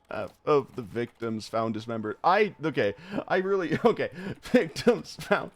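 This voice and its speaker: Animated rambling male game streamer. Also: a little high. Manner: rambling, laughing, swearing, reads on-screen text aloud quickly. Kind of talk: live gameplay commentary.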